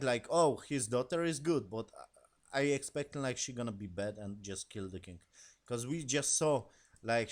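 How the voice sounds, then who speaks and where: A man giving a casual spoken review of a TV episode in non-native English, rambling and profane, animated as he retells scenes. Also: mid-range voice.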